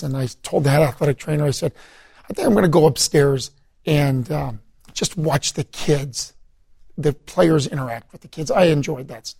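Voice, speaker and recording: A middle-aged man with a fairly high voice recounts his past in a loose, meandering way. He often stops to restart his sentences and fills pauses with ums and uhs. The sound is dry and close. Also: creaky, a little mellow, dry recording. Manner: rambling storytelling with many fillers and restarts. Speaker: guest. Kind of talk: conversational testimony interview.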